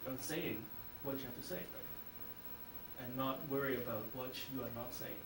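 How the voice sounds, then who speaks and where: A hypnotist hosting an interview, asking calm, probing questions and coaching the guest. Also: medium pitch, normal speed. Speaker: hypnotist host. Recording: roomy, distant mic, noisy background.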